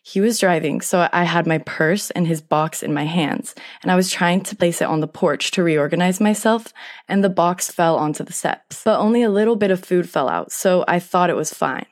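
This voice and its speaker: A young woman reading a post aloud as a co-host, in a steady, even manner. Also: on the low side, normal speed.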